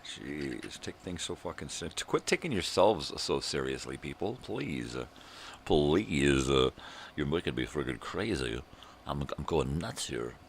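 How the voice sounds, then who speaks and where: An older man from Southern California talks in an extremely low voice with a gravelly rasp. He rambles through a morning video monologue. He swears freely and rants with long drawn-out fillers. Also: sing-song, a little hiss or hum. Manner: profane, ranting, drawn-out fillers. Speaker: vlog host.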